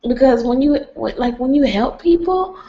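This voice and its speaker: A woman's voice: sits high, expressive, moderate pace, warm tone. A young woman chatting on a livestream, rambling and folksy. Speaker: vlogger. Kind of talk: casual livestream chat. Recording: lo-fi livestream audio.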